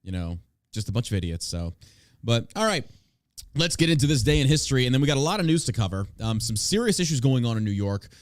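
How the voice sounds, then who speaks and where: A man's voice: medium pitch, very animated, quick pace, dry recording, clean studio sound. Blunt, crude male podcast host. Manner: blunt, crude, opinionated banter. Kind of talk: casual podcast chat.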